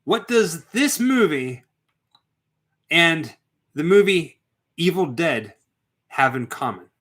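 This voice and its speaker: A man's voice: a little high, very animated, slow, a bit bright. A man co-hosting a live stream, telling rambling stories and quizzing viewers with trivia, laughing often. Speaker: co-host and trivia quizmaster. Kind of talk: casual live-stream chat.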